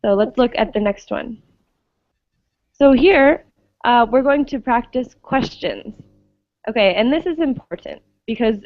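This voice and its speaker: A woman with a fairly high voice leads a pronunciation lesson, explaining patiently and checking in with her students. The sound is dry and slightly dull. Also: no room sound. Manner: patient, clear, checks understanding with "okay?". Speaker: English teacher. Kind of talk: online pronunciation class.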